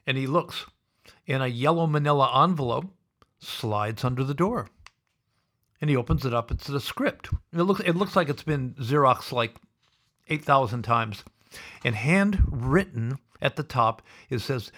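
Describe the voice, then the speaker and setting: Man telling a lively showbiz story. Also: moderate pace. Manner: acts out the people he quotes with lively pitch jumps. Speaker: podcast host. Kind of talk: animated anecdote storytelling.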